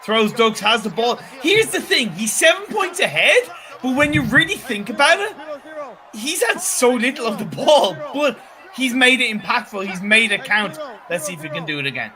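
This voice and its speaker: A man's voice: very high voice, big pitch swings, moderate pace, sharp tone. A man giving chatty, analytical color commentary on an esports match.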